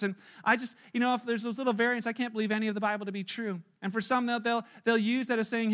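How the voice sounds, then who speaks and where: A man's voice: very high voice, fast talker, few pauses, a bit bright. A middle-aged man, a pastor, giving a casual, conversational sermon and acting out the voices of the people he quotes.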